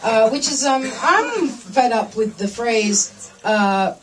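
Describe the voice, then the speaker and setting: A woman's voice: fairly high pitch, big pitch swings, slow, a little hiss or hum. A woman doing a stand-up comedy set, rambling and self-mocking, acting out market chats in voices. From English-speaking foreigner living in Germany. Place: comedy venue, large room. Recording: live set from far off, loud crowd.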